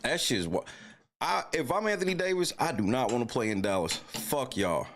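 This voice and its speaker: A livestream host with a mid-range male voice rants and curses over a basketball loss, his pitch swinging widely as he moves between muttering and shouting. He talks briskly, with slight background noise behind him.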